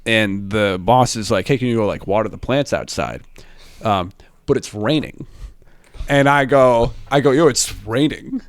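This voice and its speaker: A man's voice: on the low side, lively intonation, moderate pace, smooth, dry recording. Rambling young man telling stories, dry sound. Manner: rambling storyteller, many fillers and restarts. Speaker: podcast host. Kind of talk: casual chat.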